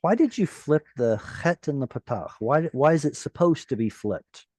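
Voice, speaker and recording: A man teaching a Hebrew grammar class over a video call, animated and encouraging, with playful asides. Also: a little high, moderate pace, no room sound.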